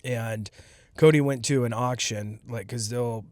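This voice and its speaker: A man hosting his own podcast, chatting alone in a loose, joking way at a medium pitch. He rambles, trails off and restarts his sentences as he goes. The recording is dry and close, with no room sound. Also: steady tone, measured pace, darkish tone, no room sound. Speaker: podcast host. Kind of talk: casual solo commentary.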